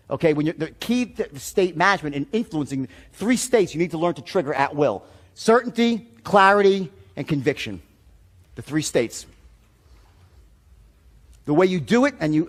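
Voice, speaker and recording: A man telling a story in a seminar talk, animated and profane, often shouting as he acts out the scene. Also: fairly high pitch. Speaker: sales trainer.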